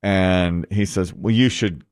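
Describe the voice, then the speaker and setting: A man's voice: sits low, fairly even intonation, takes it slowly, darkish tone, smooth, dry recording, clean studio sound. A middle-aged man hosting a radio morning show, telling a casual story and acting out each line of quoted dialogue.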